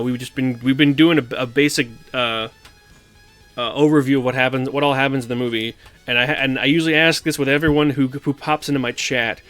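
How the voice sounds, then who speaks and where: A man's voice: medium pitch, a bit bright. Rambling male streamer, faint music behind. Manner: rambling, filler-heavy, swearing, acts out quotes. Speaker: streamer host. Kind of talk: casual chat recapping a film.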